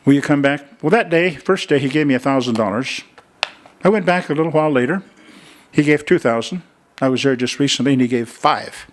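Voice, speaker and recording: A man's voice: medium pitch, fairly quick, a little hiss or hum. An older man preaching a sermon in a church, telling folksy stories and chatting with the congregation as he makes a fundraising appeal. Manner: folksy storytelling, chatty asides.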